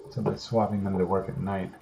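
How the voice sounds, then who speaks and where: A man's voice: sits low, vocal fry, background noise. A man casually talking through a game he is playing, muttering and swearing to himself. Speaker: gamer. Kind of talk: casual gameplay commentary.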